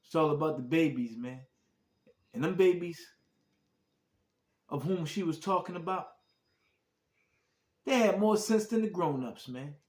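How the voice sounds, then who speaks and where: A man's voice: on the high side, animated, a little slow, long pauses, darkish tone. A man hosting a podcast, talking in a repetitive way and calling listeners "man" as he signs off. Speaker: podcast host. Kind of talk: emotional podcast sign-off. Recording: echoey room.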